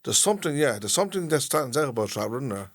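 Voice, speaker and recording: A man with an Irish accent co-hosting a podcast, talking in a halting way with lots of "you know what I'm saying". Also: mid-range voice, very animated. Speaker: podcast co-host. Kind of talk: casual chat.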